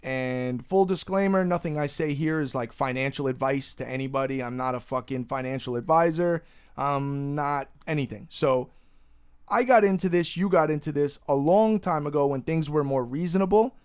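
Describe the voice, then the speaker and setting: A man's voice: a little high, normal speed, a little mellow, clear, resonant tone. A young man hosting a casual podcast, ranting animatedly and swearing freely. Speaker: podcast host.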